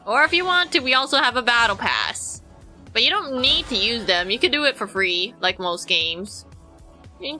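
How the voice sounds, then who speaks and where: Bright-voiced woman streamer chatting. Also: mid-range voice, rough recording. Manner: chatty, rambling explanations to chat. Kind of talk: casual gameplay commentary.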